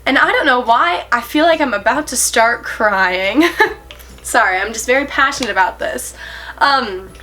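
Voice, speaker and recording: Earnest, bright-voiced eighteen-year-old woman. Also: on the high side, measured pace. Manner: earnest, nervous, rambling with fillers and self-corrections; giggly, self-conscious laughs. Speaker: vlogger. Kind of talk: casual to-camera vlog.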